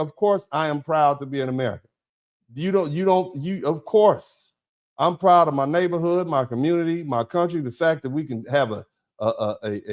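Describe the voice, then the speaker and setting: A man hosting a livestream and thanking viewers from the chat. He talks in a rambling, emphatic way, repeating words and restarting sentences, and calls listeners "baby" and "bro.". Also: a little high. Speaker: host reading viewer chat.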